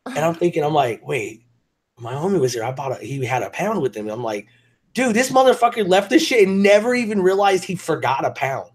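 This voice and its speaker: Dude hosting a chill show, cusses a lot, laughs a ton, kinda high voice. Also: male voice, very animated, brisk, husky. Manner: swearing, laughing storyteller. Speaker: show host. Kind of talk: casual chat.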